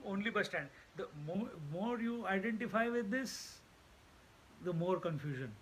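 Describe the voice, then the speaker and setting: A man's voice: high voice, animated, normal speed, a little hiss or hum, poor audio. A man teaching a spiritual discourse, emphatic and repetitive, laughing at his own jokes. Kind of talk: Vedanta discourse.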